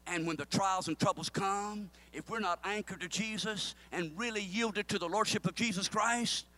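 A pastor preaching a sermon, urging his congregation on, swinging between quiet asides and near-shouted calls. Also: sits high, normal speed. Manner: impassioned preaching, rising to a near-shout, with call-and-response.

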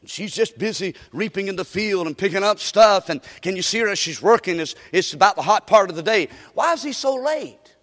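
A man preaching an animated storytelling sermon, often asking the congregation questions. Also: high voice, fairly quick. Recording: echoey hall recording.

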